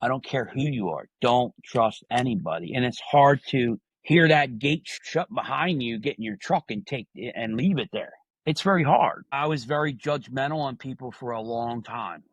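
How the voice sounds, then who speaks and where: A man's voice: medium pitch, normal speed, dry recording, lo-fi sound. A man, talking candidly and earnestly as a podcast guest, often tacking "man" onto his sentences. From New Jersey. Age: 50s. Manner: earnest, heartfelt, repeats "man" often, many restarts. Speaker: podcast guest, retired correctional officer. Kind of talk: candid personal interview talk.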